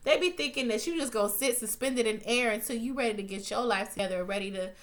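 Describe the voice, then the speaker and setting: Speaking quickly in a fairly bright voice on the high side, a woman chats her way through a TV episode recap. It's casual and blunt, peppered with swearing, fillers, and restarts, with her pitch leaping whenever she gets heated.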